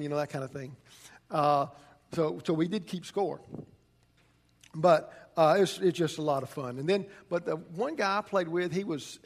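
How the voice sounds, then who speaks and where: A man, a pastor preaching a conversational sermon and telling stories with frequent restarts. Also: on the high side.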